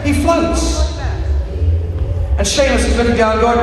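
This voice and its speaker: High-voiced man telling a joke. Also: sing-song, normal speed, background noise. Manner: chatty storyteller, laughs at his own jokes. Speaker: convention panel host. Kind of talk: telling a long joke to an audience. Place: large convention hall. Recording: echoey hall from far off with crowd.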